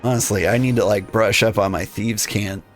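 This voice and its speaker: A man's voice: fairly low pitch, steady tone, normal speed. Guy chatting while he plays, jokey, faint game music behind. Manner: joking, playful asides. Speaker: let's play gamer. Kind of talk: casual commentary while playing.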